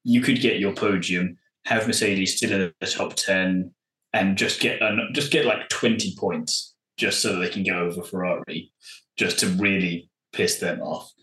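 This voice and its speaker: A man's voice: sits low, moderate pace, pushed and bright, echoey room, low-quality recording. A man co-hosting a podcast, teasing the others and laughing often. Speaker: podcast co-host. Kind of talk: casual chat.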